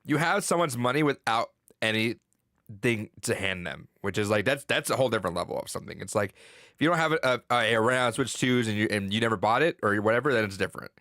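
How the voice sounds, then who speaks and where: A man co-hosting a casual podcast, emphatic and profane, restarting his sentences as he thinks aloud. His voice has a bright, forceful edge at a middle pitch. It is recorded dry and close, with no room echo. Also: expressive, quick pace. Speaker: podcast co-host. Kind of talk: casual chat commentary.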